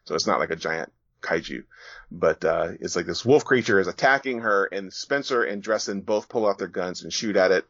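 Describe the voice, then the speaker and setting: A man narrates a comic chapter in a relaxed, easygoing way, pausing now and then to explain. His voice is lowish, and the sound is dull and dry. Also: no room sound. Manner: relaxed storytelling with fillers and restarts. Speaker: guest author. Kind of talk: casual reading of a comic chapter.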